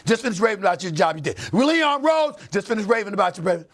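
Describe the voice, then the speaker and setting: A man hosting a sports debate show, preaching with passion and building up to shouts. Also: sits high, very fast. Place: TV studio.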